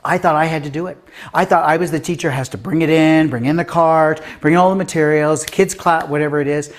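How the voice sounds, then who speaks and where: A middle-aged man, a guest author and science educator, telling anecdotes in an interview. He acts out the voices of the people in his stories and swings between loud, quick bursts and slow, quiet lines. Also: on the high side, fairly even intonation. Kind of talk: animated storytelling in an interview.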